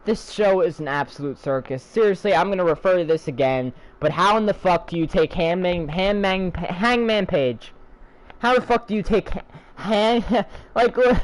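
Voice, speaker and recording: A man's voice: high voice, rough recording. A young man delivering an angry, profane, sarcastic rant as a channel host.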